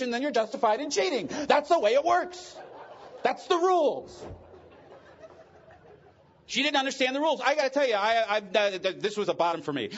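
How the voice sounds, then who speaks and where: High-voiced man telling his story. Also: highs cut off. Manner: candid, joking, emotional storytelling. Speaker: recovery meeting speaker. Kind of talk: personal testimony talk.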